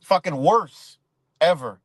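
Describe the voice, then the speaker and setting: A man rants live in loose, cursing, repetitive bursts, his voice sitting a little high for a man. The sound is close and dry, with no room echo. He breaks off now and then to answer viewers in the chat. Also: expressive, takes it slowly. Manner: profane, repetitive, rambling rant; reacts to live chat comments. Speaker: live streamer. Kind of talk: casual ranting commentary.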